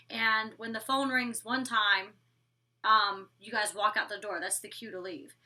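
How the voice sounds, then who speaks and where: Sassy woman, bright and a bit off-mic. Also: mid-range voice, steady tone, brisk, far from the mic. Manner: blunt and sassy, swears freely. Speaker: former reality show cast member reviewing episodes. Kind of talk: casual recap vlog.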